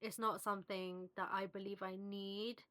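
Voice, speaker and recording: Bright-voiced woman, soft and reflective. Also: medium pitch, level tone, normal speed. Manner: soft, reflective, hesitant with fillers and restarts. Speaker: vlogger. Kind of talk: heartfelt one-on-one talk to camera. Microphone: phone at arm's length, video-call style.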